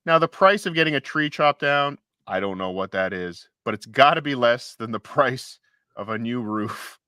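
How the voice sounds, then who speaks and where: A man's voice: medium pitch, expressive, moderate pace, sharp tone, smooth, no echo, studio quality. A man co-hosting a casual livestream chat, rambling and joking with mock-indignant asides. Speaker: co-host.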